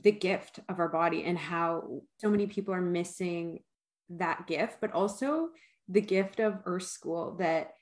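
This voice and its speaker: A woman hosting a casual conversation, voice at an ordinary middle pitch. She answers in a reflective, affirming way. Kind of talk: casual chat.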